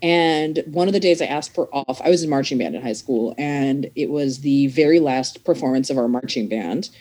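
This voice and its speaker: A young adult woman telling a story in casual talk, animated, swearing freely and acting out what people said. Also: extremely low pitch, normal speed. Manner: animated, swearing, acts out quotes. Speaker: podcast guest.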